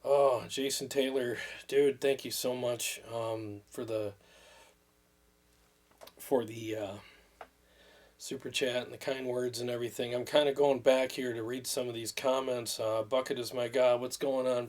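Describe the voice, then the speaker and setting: A man's voice: medium pitch, fairly even intonation, unhurried, a little mellow. Earnest fifty-year-old man, rambling livestream chat. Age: 50s. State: recovering from illness, drained. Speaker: livestream host.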